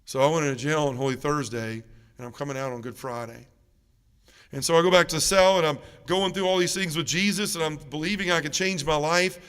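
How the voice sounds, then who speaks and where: A man giving an earnest, emotional faith testimony at a parish mission, dropping soft and low in the heavy moments. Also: brisk, clear, resonant tone. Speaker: guest speaker at a parish mission. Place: church. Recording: reverberant church sanctuary.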